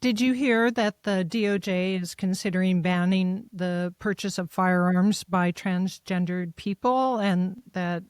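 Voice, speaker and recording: Smooth-voiced woman co-host. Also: fairly low pitch, steady tone, unhurried, few pauses, dry recording, studio quality. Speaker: podcast co-host. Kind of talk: casual conversation.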